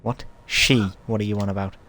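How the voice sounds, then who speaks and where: A man's voice: fairly low pitch, fairly even intonation, moderate pace, a bit bright, natural voice. A man reading aloud the lines of a furious, grieving woman scientist who is a mother, without putting on a voice. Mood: baffled. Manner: reads the lines plainly, without a put-on voice. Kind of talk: live-streamed story reading.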